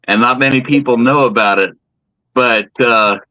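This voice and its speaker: A man's voice: medium pitch, normal speed, sharp tone, dry recording, low-quality recording. A man chatting casually on a video call, telling rambling, hesitant stories. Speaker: podcast participant. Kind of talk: casual chat.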